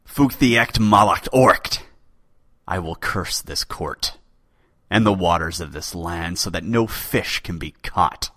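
A man voicing an aging, hot-tempered male chief poet with a thin, raspy voice, booming and imperious. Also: slow, pushed and bright, no room sound, studio quality, exaggerated voice. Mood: furious.

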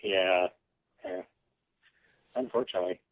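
A man's voice: sits low, a little slow, no room sound. A man from Alaska, a guest on a podcast, chatting in an easygoing, hesitant way with many ums. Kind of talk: casual conversation. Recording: phone-line call audio.

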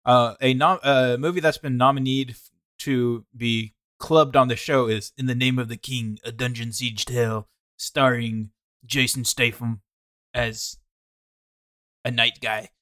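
A man cohosts a podcast in a relaxed way, trading dry jokes. His voice sits at an ordinary middle pitch, and the recording is close and dry. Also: a little slow, no echo. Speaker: podcast co-host. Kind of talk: casual chat.

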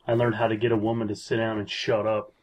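Laid-back man with a low voice. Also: level tone, quick pace, a little mellow. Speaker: podcast co-host. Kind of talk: casual chat.

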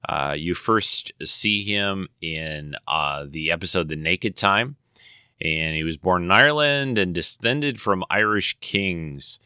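A man's voice: low voice, takes it slowly, bright, forceful tone, smooth, no room sound, studio quality. A man hosting his own podcast, chatting casually and rambling with many fillers and self-corrections. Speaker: podcast host. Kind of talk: casual chat.

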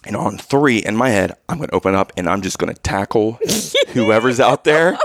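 Animated gravelly-voiced man telling a story. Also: lowish voice, normal speed, no echo, clean studio sound. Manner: animated storyteller, acts out his own yells. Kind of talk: casual storytelling chat.

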